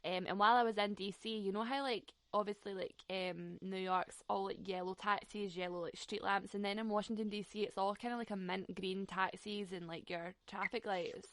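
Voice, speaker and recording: A woman's voice: medium pitch, steady tone, moderate pace, few pauses, a bit bright, no room sound. A woman from Glasgow with a Glaswegian Scottish accent, hosting a casual interview and chatting with lots of giggles. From Glasgow, Scotland. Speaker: podcast host.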